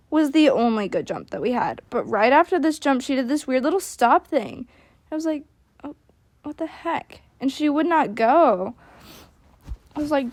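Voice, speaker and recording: A woman's voice: on the high side, a little mellow, no echo. Chatty, self-critical young woman, dry close sound. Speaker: equestrian vlogger. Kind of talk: casual voice-over commentary.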